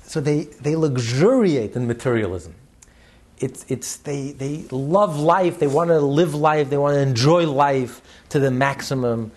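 A man's voice: medium pitch, unhurried. A man teaching on a religious text, repeating his words and telling stories with frequent laughter. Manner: repeats words, laughs often, lively storyteller.

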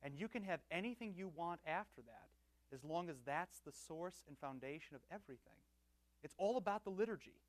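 A man preaching as pastor, teaching with banter and swinging from soft asides to loud emphatic bursts. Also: fairly high pitch, lively intonation, brisk, no room sound. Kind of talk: teaching sermon with audience banter.

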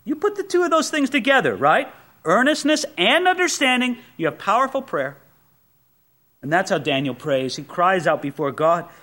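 Man preaching a sermon, high voice, lively swooping delivery, emphatic, folksy asides. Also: moderate pace. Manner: animated, emphatic preaching with rhetorical questions; folksy asides and personal stories. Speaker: pastor.

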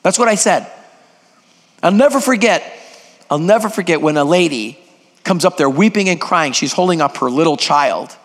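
A man's voice: a little high, expressive, normal speed, fairly bright tone. A man preaching a sermon as a guest preacher, emphatic and putting questions to the congregation, in a church sanctuary. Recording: long hall reverb.

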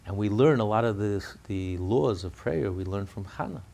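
A man's voice: fairly low pitch, expressive, normal speed, vocal fry, warm tone. A man giving a sermon through a family story, talking casually with restarts and building to fervent, emphatic peaks. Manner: conversational, with fillers and restarts, rising to fervent peaks.

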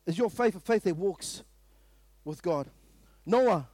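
A man with a New Zealand accent preaching a sermon at a morning prayer meeting, emphatic and full of repeated rhetorical questions, now and then rising to a loud burst. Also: high-pitched, expressive, slow, no room sound.

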